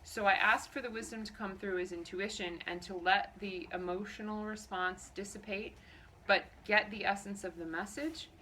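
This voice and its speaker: A woman talking earnestly to camera, telling a personal story and sharing how she copes with fear, expressive and reflective. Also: medium pitch, normal speed, a little hiss or hum, poor audio. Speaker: vlogger sharing personal coping strategies.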